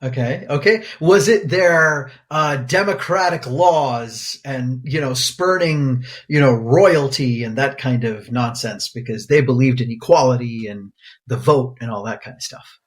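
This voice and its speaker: A man's voice: medium pitch, a little slow. Rambling laid-back male podcast co-host. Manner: rambling, many fillers, laughs easily. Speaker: podcast co-host, pediatric infectious disease doctor. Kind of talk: casual podcast banter.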